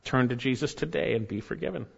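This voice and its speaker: A man's voice: medium pitch, animated, fast, gravelly, breathy edge. A man preaching a sermon as pastor, earnest, with rising emphasis and asides to the congregation. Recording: dull, hall reverb.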